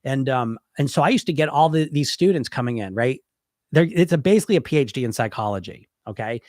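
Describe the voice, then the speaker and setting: A man's voice: mid-range voice, animated, quick pace, a little mellow, no room sound. A middle-aged man with a stuffy head cold, hosting a casual podcast, talking bluntly and rambling with many fillers. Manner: blunt, rambling, lots of "you know" fillers. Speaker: podcast host and hypnotist weight coach. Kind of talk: casual live-stream talk answering questions.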